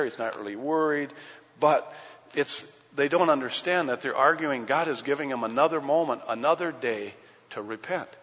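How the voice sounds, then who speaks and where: A husky-voiced man delivers a sermon, preaching in a plain, folksy way and asking the congregation rhetorical questions. His voice rings out with a long reverb, as if in a large church sanctuary. The recording is dull and lo-fi. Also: medium pitch, fairly bright tone. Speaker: pastor.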